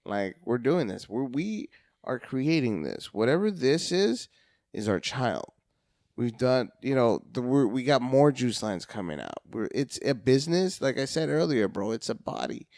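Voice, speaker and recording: A man's voice: mid-range voice, big pitch swings, a little slow, gravelly, darkish tone, dry recording, clean studio sound. A man on a podcast, a comedian chatting casually, hyperactive, cursing a lot and acting out phone calls in different voices.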